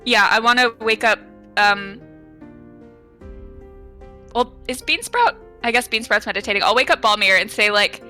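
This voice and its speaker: An upbeat woman speaking as a player in a tabletop role-playing game. Her voice is a little high, and it sounds bright and sharp. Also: normal speed, pauses often, soft background music.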